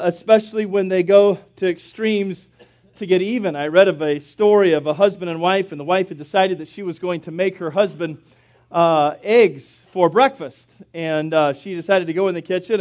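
High-pitched preacher guy in church, folksy and joking, praying then preaching. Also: moderate pace, a little mellow. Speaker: pastor. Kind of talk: sermon. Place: church sanctuary.

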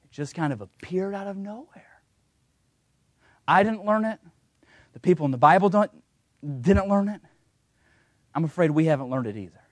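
A man's voice: high-pitched, moderate pace, pauses often, dry recording, clean studio sound. A man preaching a sermon, telling a personal story with humor and chuckles and acting out the voices in the stories he tells. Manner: acts out quoted voices in a lively, varying tone.

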